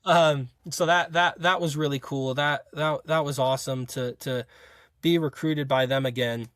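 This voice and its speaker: A man's voice: mid-range voice, steady tone, moderate pace, fairly bright tone, dry recording, clean studio sound. A young man, a college football player, telling his story as an interview guest in a rambling, casual way full of fillers and restarts. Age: young adult. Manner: rambling, filler-heavy retelling with frequent restarts.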